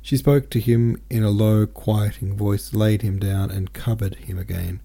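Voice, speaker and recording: A man reading a novel aloud as a podcast host, in a gentle, even storytelling manner with soft voices for the characters. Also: fairly low pitch, measured pace, vocal fry. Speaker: audiobook reader.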